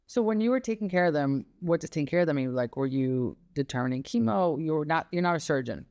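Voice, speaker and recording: A woman's voice: low-pitched, lively intonation, quick pace, a little mellow. A middle-aged woman hosting a health podcast, reading a scripted intro and then chatting with a guest in an upbeat, enthusiastic way. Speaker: podcast host. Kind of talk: scripted intro then casual interview chat.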